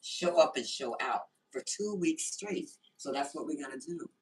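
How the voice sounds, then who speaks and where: A woman's voice: low voice, lively intonation, moderate pace, husky. A woman hosting a casual livestream, greeting viewers by name and answering the chat on her phone. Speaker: livestream host.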